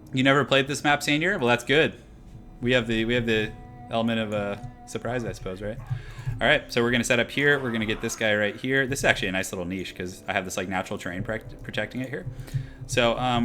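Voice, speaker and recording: A man's voice: medium pitch, quick pace, sharp tone, soft background music. A young man casually chatting through a live stream while setting up a strategy game battle, rambling with lots of fillers. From half Irish heritage.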